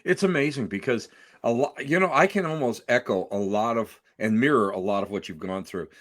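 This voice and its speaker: A man of mid pitch hosts a casual interview. He speaks in a relaxed, thoughtful way, now and then halting over his words. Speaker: host.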